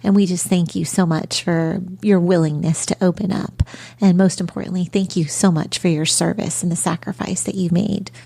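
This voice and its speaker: Gravelly-voiced woman co-host. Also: on the low side, fairly even intonation, moderate pace, dry recording. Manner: warm and thankful. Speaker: podcast co-host. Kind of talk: casual talk.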